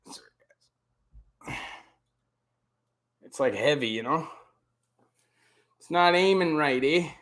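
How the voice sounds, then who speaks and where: A middle-aged Canadian man with a Canadian accent hosting a relaxed live Q&A stream, greeting viewers by name and filling gaps with "you know". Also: on the high side, slow, pauses often. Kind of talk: casual live-stream chat. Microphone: camera on a stand.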